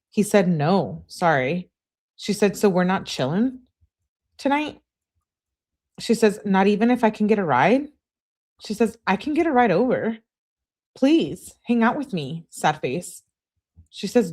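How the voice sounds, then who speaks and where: A woman's voice: medium pitch, a little mellow. A woman hosting a live stream, reading text messages aloud and greeting her viewers between them. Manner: reads texts with "she says" tags, chats with viewers. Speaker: livestream host reading case texts.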